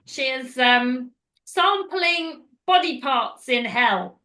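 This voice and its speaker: A woman's voice: high voice, animated, slow, sharp tone. A woman hosting a podcast, recapping a film in casual, rambling chat that goes off on tangents. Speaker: podcast host.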